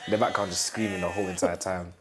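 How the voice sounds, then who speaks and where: Young man, deep voice, halting and repetitive, relaxed personal storytelling for an interview. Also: a crowd in the background. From England. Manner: halting, repeats phrases, acts out quoted family speech.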